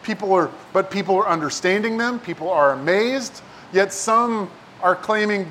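Man, high-pitched voice, conversational sermon, casual asides, faint low rumble behind. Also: normal speed, hardly any pauses, a bit bright. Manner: casual, talks with many rhetorical "right?" and "like" asides. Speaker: pastor.

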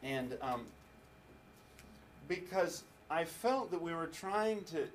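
A man preaching to a congregation, telling a story with laughter and lively asides. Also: on the high side, slow, distant mic, a little hiss or hum, low-quality recording. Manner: animated storytelling with laughter and acted quotes. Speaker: pastor. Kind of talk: sermon storytelling.

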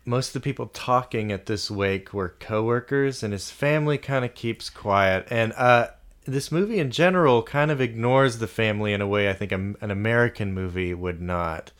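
Low-voiced reflective male podcaster. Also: normal speed, a bit bright, clear, resonant tone. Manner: reflective, loose, occasional profanity. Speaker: podcast co-host. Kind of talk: casual film discussion.

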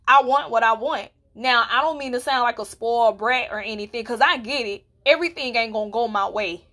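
Blunt, bright-voiced young woman podcaster. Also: a little high. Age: 20s. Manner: candid and blunt, with rhetorical check-ins. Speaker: podcast host. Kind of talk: casual solo podcast talk.

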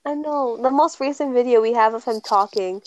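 A woman's voice: a little high, fairly quick. A woman in casual chat who rambles, laughs and trails off mid-sentence.

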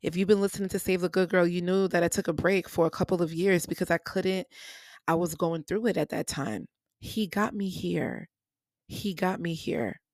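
A woman's voice: fairly low pitch, level tone, brisk, a little mellow, dry recording, studio quality. A woman hosting a personal faith podcast, speaking earnestly and emotionally and repeating phrases for emphasis, with features. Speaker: podcast host. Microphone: podcast microphone.

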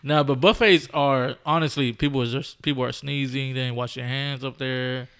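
A man with a middle-pitched voice chatting casually on a podcast. He sounds easygoing and laughs often. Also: steady tone, normal speed, fairly bright tone, smooth. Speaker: podcast co-host. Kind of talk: casual chat.

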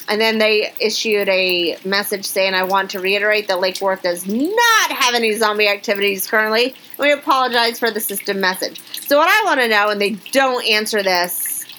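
A woman co-hosting a podcast, chatting casually and reading funny news stories aloud with lively exclamations. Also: medium pitch, slight background noise, rough recording. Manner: chatty, animated, reacts with exclamations. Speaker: podcast co-host.

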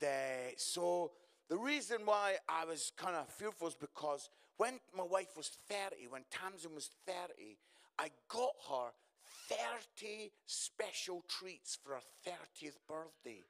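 Jokey, high-voiced male guest preacher. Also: creaky, fairly bright tone. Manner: chatty, jokey, often tags lines with "yeah?". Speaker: guest speaker. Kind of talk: humorous sermon. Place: church service before a congregation.

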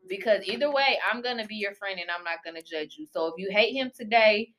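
A woman's voice: mid-range voice, fairly quick, fairly bright tone. A young woman hosting a casual podcast chat, blunt and joking as she leads the segments. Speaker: podcast host. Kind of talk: casual chat among friends.

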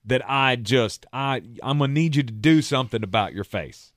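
A man's voice: medium pitch, moderate pace, no room sound, clean studio sound. A man co-hosting a sports talk show, easygoing and playful, often restarting his sentences. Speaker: sports podcast co-host. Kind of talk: casual sports debate.

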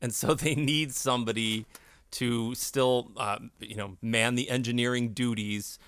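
A man's voice: mid-range voice, steady tone, measured pace, a bit bright, clean tone. A middle-aged man hosting a podcast, talking casually and enthusiastically and laughing a lot. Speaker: podcast host. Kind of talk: casual chat.

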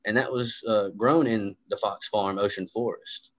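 A man's voice: on the low side, steady tone, measured pace, fairly bright tone, dry recording, low-quality recording. A man, chatting casually as a podcast guest, laid-back and swearing freely. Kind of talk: casual chat.

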